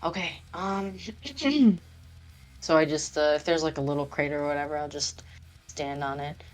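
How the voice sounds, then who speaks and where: A woman's voice: deep voice, moderate pace, faint music behind. A woman playing a tabletop game, chatting casually and rambling with many fillers. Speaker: player.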